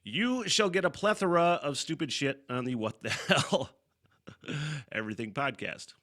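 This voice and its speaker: Gravelly, profane podcast host rambling. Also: male voice, fairly high pitch, moderate pace, pushed and bright. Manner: loose and profane, rambling with fillers and chuckles. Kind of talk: casual solo podcast chat.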